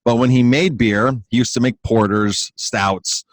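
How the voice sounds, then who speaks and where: Man, podcast host, casual chat, enthusiastic, repeats himself, mid pitch, dry close sound. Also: fairly even intonation, unhurried, dry recording. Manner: enthusiastic, repeats words and phrases. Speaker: podcast host and restaurant owner.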